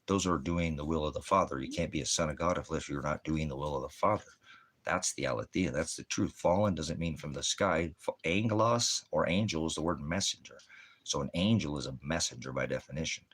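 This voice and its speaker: A man with a very low, husky voice preaches off the cuff. He rambles and jabs sarcastically, now and then turning aside to hush his dogs. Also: fairly quick. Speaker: pastor.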